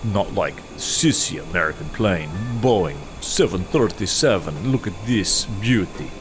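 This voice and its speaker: A man's voice: sits low, animated, a little slow, noisy background. A man putting on a put-on Russian accent as a boastful pilot who speaks broken English. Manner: broken English, proud and blustery.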